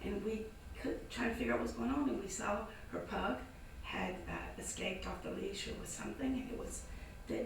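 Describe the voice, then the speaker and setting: Her mid-range voice moves briskly, barely pausing, as this Southern woman animatedly tells a casual story to a live audience and acts out each person's voice. The sound comes from an indoor event space: echoey, with a distant mic and some noise.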